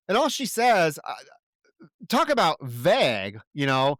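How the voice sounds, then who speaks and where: A man talks through a movie's plot on a podcast, his voice sitting a little high and recorded close and dry. He throws in sarcastic, profane jabs and briefly voices the characters as he goes. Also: sing-song, unhurried, fairly bright tone, dry recording. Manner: acts out characters' lines in quotes. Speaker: podcast co-host. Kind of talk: casual film-review podcast chat.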